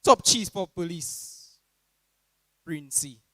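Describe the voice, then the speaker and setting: A young man in his late teens with a Saint Lucian accent, giving an animated, humorous graduation speech about his teachers. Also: slow pace, dry recording, poor audio. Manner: animated, mimics teachers in high voices.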